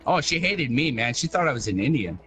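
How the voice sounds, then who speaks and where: A man's voice: mid-range voice, sing-song, fairly quick, music in the background. A man chatting casually while gaming, telling rambling stories, swearing and laughing often. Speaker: game player. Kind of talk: casual gaming chat with storytelling.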